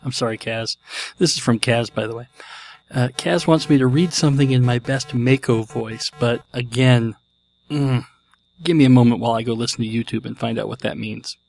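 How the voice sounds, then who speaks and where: A man's voice: mid-range voice, fairly even intonation, moderate pace, gravelly, a little mellow. A man hosting his podcast, talking casually with a jokey, self-deprecating manner. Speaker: podcast host.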